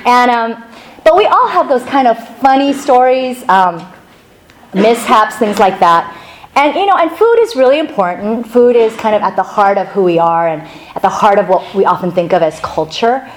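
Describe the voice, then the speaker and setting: A middle-aged woman pastor opening a sermon with a chatty, animated personal story, laughing now and then. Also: a little high, normal speed, a little hiss or hum, low-quality recording.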